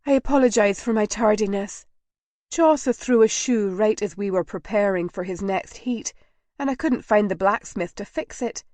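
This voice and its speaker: A woman reading a spirited young lady in a storybook, with a slightly raised, brisk delivery. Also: mid-range voice, darkish tone, no echo, close to an everyday voice. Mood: playful.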